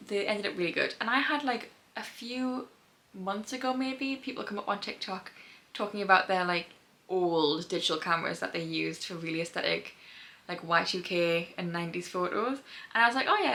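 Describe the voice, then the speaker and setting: A woman's voice: medium pitch, bright, forceful tone. A young woman from North East England with a light Geordie accent, chatting casually to camera as a book vlogger, rambling and drifting into tangents.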